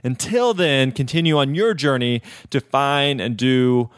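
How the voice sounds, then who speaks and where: A man's voice: mid-range voice, unhurried, clean tone, no echo, studio quality. A man hosting a podcast, wrapping up an episode in an upbeat, encouraging, conversational way with frequent fillers. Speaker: podcast host. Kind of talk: casual podcast wrap-up.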